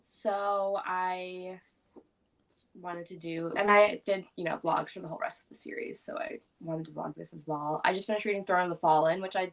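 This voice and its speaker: Speaking at a moderate pace in a lowish, steady voice with vocal fry, a young female book vlogger guests on a reading livestream. Her casual chat wanders, packed with filler words.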